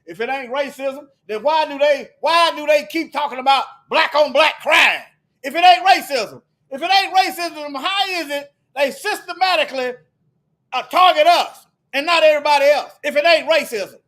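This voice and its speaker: A man delivering a heated, preachy monologue to his viewers, firing off repeated rhetorical questions and sometimes shouting. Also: extremely high pitch, moderate pace. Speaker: video commentator.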